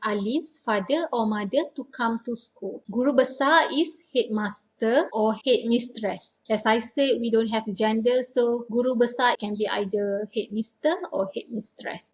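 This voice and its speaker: A woman's voice: on the high side, a little mellow. A woman with a Malaysian accent, a native Malay speaker, patiently explaining a language lesson word by word. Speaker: language teacher.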